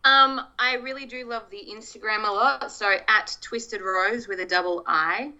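Bright-voiced Australian actress, chatty. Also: female voice, medium pitch, normal speed, muffled recording. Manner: chatty, self-deprecating, laughs often. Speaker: actress, podcast guest. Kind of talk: casual interview chat.

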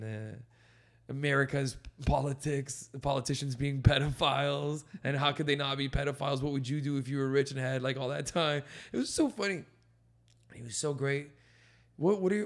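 Animated young man telling a wild story. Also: mid-range voice. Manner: animated, swearing, acts out voices with shouts. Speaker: stand-up comic and podcast host. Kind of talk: casual storytelling chat.

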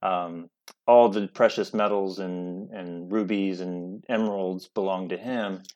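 A man's voice: low voice, steady tone, a little slow, mellow, dull audio. A man in casual chat, recapping a film plot in a rambling way with casual swearing. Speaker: podcast co-host.

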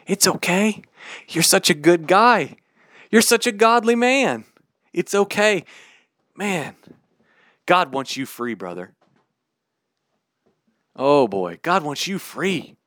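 A man voicing a smooth-talking pastor who soothingly approves of wrongdoing. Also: high-pitched, very animated, takes it slowly, long pauses, a bit bright, no room sound, studio quality, heavily acted. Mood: coaxing.

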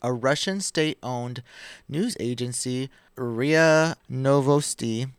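A man of average pitch co-hosting a casual podcast, reading news aloud and breaking off to joke and curse. The sound is dry and close, with little room echo. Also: slow, clean tone. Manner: chatty, swearing, laughs while reading. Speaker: podcast co-host.

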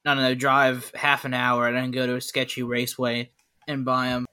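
A man's voice: mid-range voice, monotone, normal speed, pushed and bright, smooth. A man co-hosting a podcast, telling loose, rambling anecdotes packed with "like" in a casual chat. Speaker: podcast co-host.

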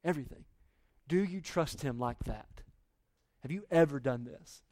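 A male pastor preaching a sermon in a conversational way, full of rhetorical questions and swinging between loud pleas and quiet asides. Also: on the high side, normal speed, dry recording, studio quality.

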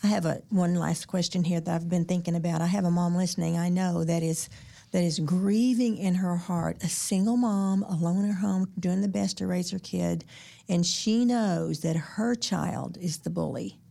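A woman hosting a podcast, asking guests questions in a gentle, measured way. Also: on the low side, vocal fry. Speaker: podcast host. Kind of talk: interview questions.

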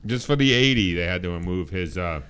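A man's voice: low-pitched, expressive, brisk, fairly bright tone, smooth. A man co-hosting a movie podcast, chatting casually with dry teasing and some restarts. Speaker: podcast co-host. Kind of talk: casual chat.

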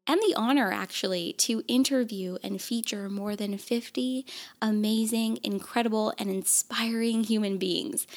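Podcast host, woman, gravelly and teary, earnest solo talk. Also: a little high. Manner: emotional, close to tears, earnest. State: tearful. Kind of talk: heartfelt solo podcast monologue.

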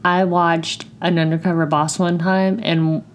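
A woman's voice: lowish voice, level tone, a little slow. Casual teasing woman, co-host chat, giggles a lot. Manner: teasing, laughs often. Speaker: podcast co-host.

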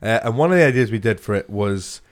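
A man's voice: fairly low pitch, lively intonation, quick pace. A young man, a comedian co-hosting a podcast, telling sweary stories in casual chat and laughing often.

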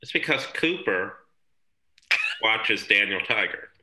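A man's voice: on the low side, slow, poor audio. A man co-hosting a podcast in casual, joking chat, recorded on a laptop's built-in mic. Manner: joking, animated storyteller. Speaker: podcast co-host.

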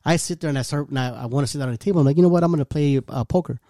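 A man's voice: a little high, racing, no echo, studio quality. A man telling a long, funny anecdote in casual chat with friends, acting out what people said. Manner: animated storytelling, acting out quotes. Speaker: storyteller in a group chat.

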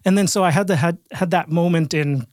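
A middle-aged Canadian man tells a long story as a podcast guest, with a somewhat high voice. He talks in a loose, chatty way, repeating words and starting over. The sound is dry and close. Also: brisk, darkish tone, dry recording. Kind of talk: storytelling in a casual interview.

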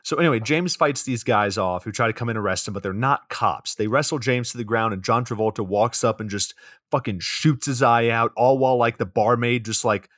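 A man's voice: medium pitch, fairly quick, fairly bright tone, no room sound. Man recapping a movie plot, dry mic. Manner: plot recapping, swears casually. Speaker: podcast co-host.

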